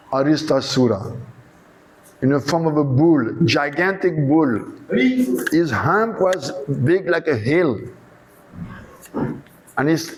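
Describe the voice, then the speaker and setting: A man with a fairly high voice tells a devotional story as a sermon. He is animated and acts out the dialogue, with a faint hiss behind him. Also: rough recording. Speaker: monk preacher.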